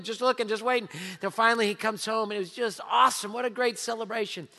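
Lively pastor in a reverberant hall. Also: male voice, extremely high pitch, brisk. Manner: lively storytelling, swings between loud and hushed. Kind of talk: sermon.

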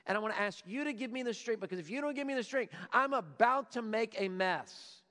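A pastor in his forties preaches in a high voice that carries a long reverb through the hall. He moves from loud, emphatic declarations to soft, prayerful passages. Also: lively intonation, brisk. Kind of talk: sermon.

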